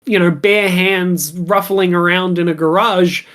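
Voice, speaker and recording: A woman's voice: on the low side, fairly even intonation, a little slow, fairly bright tone. A woman chatting casually as a podcast guest, rambling with many fillers and frequent laughs. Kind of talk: casual chat. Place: lives in Australia.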